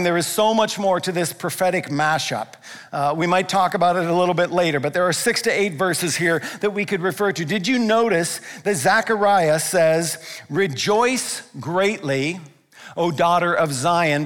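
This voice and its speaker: A male pastor from Canada preaching a sermon, emphatic and swinging between hushed and loud passages. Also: sits high. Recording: long hall reverb.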